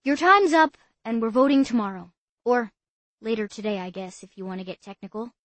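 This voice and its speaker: A woman voicing a self-important young boy who acts as a club official, speaking in a brisk, officious way. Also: fairly high pitch, dry recording, lightly acted.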